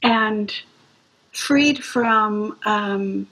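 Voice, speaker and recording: A woman recounting a hospice experience in an interview, gently and reflectively. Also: medium pitch, husky, poor audio. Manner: gentle, slow, reflective storytelling. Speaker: music practitioner playing for hospice patients. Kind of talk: interview storytelling.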